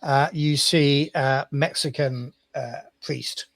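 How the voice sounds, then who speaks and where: A man running a tabletop role-playing game as game master, relaxed and rambling with many fillers. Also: mid-range voice, slow, vocal fry, no room sound.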